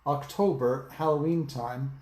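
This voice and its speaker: A man's voice: medium pitch, measured pace, a little mellow. A man from Canada co-hosting a casual vlog, telling a family story in a supportive, chatty way. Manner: supportive, chatty, with some fillers. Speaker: vlog co-host. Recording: echoey room.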